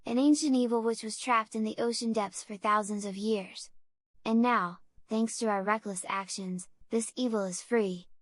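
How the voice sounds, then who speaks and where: A woman's voice: a little high, steady tone, moderate pace, no echo, lightly acted. A woman voicing Jack, a grave middle-aged former navy man who explains in a solemn, weary way in a horror story.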